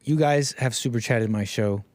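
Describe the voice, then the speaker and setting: A man hosting a live stream in a casual, jokey, animated way, reading out viewer messages and reacting to clips. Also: mid-range voice, normal speed, no room sound. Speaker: livestream host.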